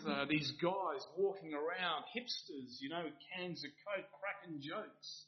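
A man's voice: fairly high pitch, unhurried, few pauses. A man preaching an evening sermon in an earnest manner, building to emphatic rhetorical questions. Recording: dull lo-fi recording.

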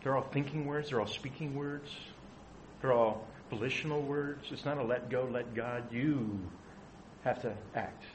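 A man's voice: medium pitch, steady tone, measured pace, a little hiss or hum, rough recording. A middle-aged man preaching a conversational sermon, asking his listeners questions. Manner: conversational, asks the audience questions. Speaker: pastor.

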